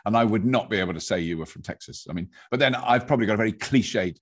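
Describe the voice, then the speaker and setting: An English man talks casually as a podcast guest, spinning a story with plenty of restarts and quick laughs. His voice is low and husky, with a slightly breathy edge. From England. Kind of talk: casual conversation.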